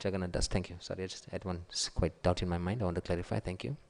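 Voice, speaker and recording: A man giving a sermon, telling stories and acting out the quoted voices with a raised pitch. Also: fairly even intonation, racing, creaky, darkish tone. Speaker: preacher. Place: temple hall. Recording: long hall reverb.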